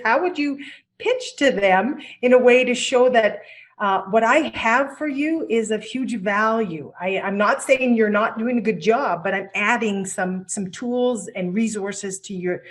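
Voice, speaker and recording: A woman hosting an interview, asking long, curious questions in a conversational tone. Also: fairly high pitch. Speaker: podcast host.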